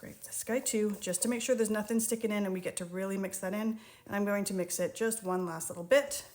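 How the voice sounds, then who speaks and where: A woman's voice: mid-range voice, steady tone, fairly quick, a little mellow. Chatty woman baking in a noisy kitchen. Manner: chatty, reassuring, talks while working. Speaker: home baker teaching a recipe. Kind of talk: casual real-time cooking tutorial. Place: home kitchen. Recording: kitchen clatter of dishes and utensils.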